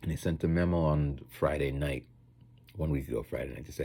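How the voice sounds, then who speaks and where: A man's voice: a bass voice, fairly quick, slightly rough. A man rambling through casual stories in a vlog, acting out the people he quotes. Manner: rambling, animated, acts out quoted voices. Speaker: vlogger. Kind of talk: casual storytelling monologue.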